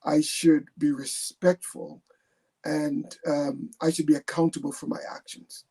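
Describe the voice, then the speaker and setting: A man's voice: a little high, little pitch movement, measured pace, dark tone, breathy edge. A man born in England and raised in Jamaica, a guest telling his story on a video call, hesitant and repeating his words. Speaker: guest, retired army captain.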